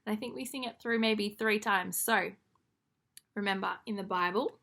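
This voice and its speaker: A woman's voice: mid-range voice, normal speed, creaky, sharp tone. A young woman leading a children's church lesson to camera, talking in an upbeat, encouraging way to young children.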